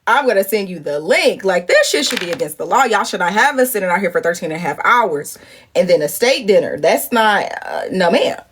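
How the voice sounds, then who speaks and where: A woman in her thirties chatting casually on a livestream, telling stories animatedly, leaping to high indignant exclamations and dropping to low murmured asides. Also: lively intonation, brisk, slight background noise. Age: 30s. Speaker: livestream host. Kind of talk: casual live-stream chat.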